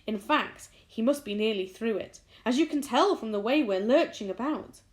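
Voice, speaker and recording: A woman voicing a kind, gentle, motherly female ladybird in a storybook reading, speaking reassuringly. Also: fairly high pitch, lively intonation, normal speed, close to an everyday voice. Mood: explaining.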